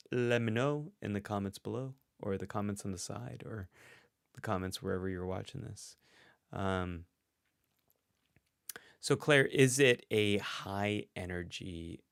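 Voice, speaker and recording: A man's voice: on the low side, vocal fry, fairly bright tone, dry recording, studio quality. A man hosting a casual livestream, thinking aloud and reading out chat comments. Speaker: host and psychologist. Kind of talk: casual livestream guessing game.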